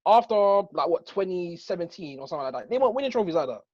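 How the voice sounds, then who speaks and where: A man's voice: high voice, sing-song, quick pace, darkish tone, dull audio. A young man with a London accent, a United fan chiming into a casual football chat. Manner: chimes in, agrees eagerly. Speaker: guest, Manchester United fan.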